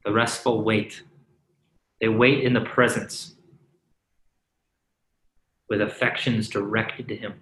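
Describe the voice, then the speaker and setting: Brief: casual male preacher, bright tone, echoey church room, chatty sermon with frequent check-ins. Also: fairly low pitch, fairly even intonation, slow pace, pauses often. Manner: conversational, asks the crowd "right?" often, jokes and laughs. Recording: roomy echo.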